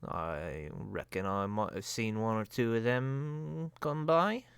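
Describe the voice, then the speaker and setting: A man's voice: fairly low pitch, slow, vocal fry, clear, resonant tone, dry recording. A man voicing a wary, scruffy male street loiterer who talks in a drawling, folksy slang and sounds suspicious.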